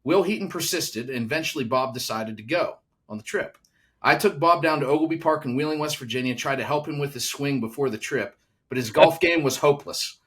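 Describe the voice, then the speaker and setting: A man's voice: mid-range voice, brisk, fairly bright tone, breathy edge. A man co-hosting a podcast, recalling a story and reading an excerpt aloud in casual chat. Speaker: podcast co-host.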